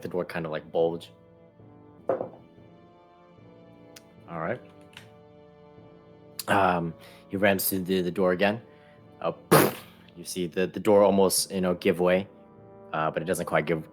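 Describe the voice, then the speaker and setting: Low-voiced man game master. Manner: hesitant, many ums and restarts, laughs easily. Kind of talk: narrating a tabletop game.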